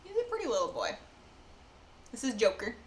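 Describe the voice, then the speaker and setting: A woman with a slightly high voice chats casually through a live baking stream from her home kitchen. She is relaxed and wanders into little asides. The room sounds echoey, with faint noise underneath. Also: fairly quick. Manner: chatty and relaxed, rambling asides. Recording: roomy echo, faint background noise.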